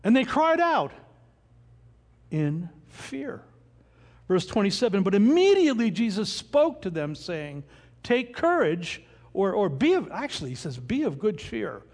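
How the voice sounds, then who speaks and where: A man's voice: sits high, unhurried, big-room sound. A man preaching a sermon, reading scripture verse by verse and asking rhetorical questions. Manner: expressive, rhetorical questions, reads scripture aloud. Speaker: pastor.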